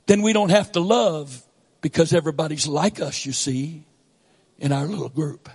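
High-pitched Southern preacher, shouting and hushing. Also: male voice, normal speed. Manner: swings from shouting to soft asides. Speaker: pastor. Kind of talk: sermon.

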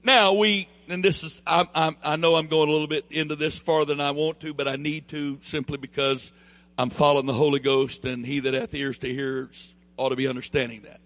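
A man with a Southern US accent preaching a sermon, emphatic and building to near shouts, then easing into quieter storytelling. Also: a little high, level tone, fairly quick. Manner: emphatic, rising to near shouts on key phrases; drops into a quieter storytelling tone for anecdotes.

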